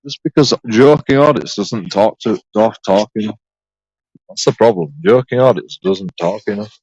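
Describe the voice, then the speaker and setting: A man's voice: lowish voice, moderate pace, darkish tone, husky, dry recording, dull audio. Sweary rambling man. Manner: profane, rambling, sarcastic, repeats himself. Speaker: YouTube auditor. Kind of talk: rambling solo vlog monologue.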